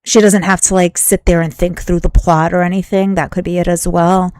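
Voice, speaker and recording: A woman's voice: lowish voice, little pitch movement, fairly quick, darkish tone, clear, resonant tone, dry recording. A woman hosting a commentary video, thinking aloud in a casual, musing way with lots of "like"s. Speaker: commentary host.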